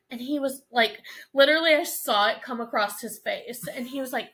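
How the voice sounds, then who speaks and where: A woman's voice: high voice, brisk, pushed and bright. A young woman hosting a casual podcast, telling stories with lots of laughter and swearing freely. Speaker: podcast host.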